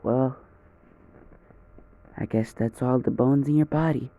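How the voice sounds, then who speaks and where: A man's voice: mid-range voice, fairly even intonation, slow, gravelly, dark tone. Man putting on Deku, a wounded, vengeful young hero. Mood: cold. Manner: wounded, then icy and threatening. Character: young male hero, betrayed, coldly vengeful. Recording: dull lo-fi recording.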